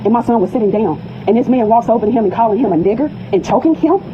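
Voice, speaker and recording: A woman's voice: fairly high pitch, expressive, racing, dull audio, background noise. A mother confronting school staff indoors, distraught and pleading, repeating her accusing questions, filmed on a phone.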